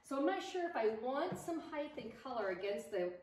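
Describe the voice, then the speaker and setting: A woman's voice: high-pitched, big pitch swings, fairly quick, darkish tone. A woman vlogging about home decor DIY, chatting enthusiastically and thinking aloud as she arranges pieces at home. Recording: roomy echo, distant mic, faint noise.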